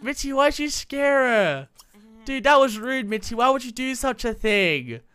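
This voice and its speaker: Lively, bright-voiced young game commentator. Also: sits high, smooth, dry recording, clean studio sound. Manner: excitable, slangy, quick to laugh. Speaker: gameplay commentator. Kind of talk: casual Let's Play commentary.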